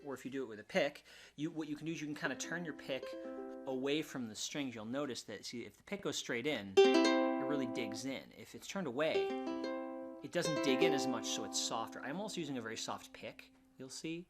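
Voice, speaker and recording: Relaxed male ukulele teacher. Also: medium pitch, a little fast. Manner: relaxed, hesitant with restarts, counts beats aloud. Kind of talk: casual instructional talk. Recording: ukulele music under voice. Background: ukulele playing.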